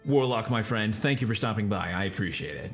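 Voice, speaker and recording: A man's voice: lowish voice, animated, fairly quick, faint music behind. A man from Texas, a streamer and voice actor, chatting casually about voice acting and answering his viewers in a rambling way. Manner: rambling, explains while talking to chat.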